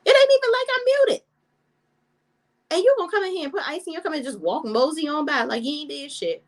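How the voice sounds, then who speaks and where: Woman playing an irritated man, scolding, lively swings in pitch. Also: brisk. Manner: exasperated, scolding. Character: annoyed young man interrupted during a work call.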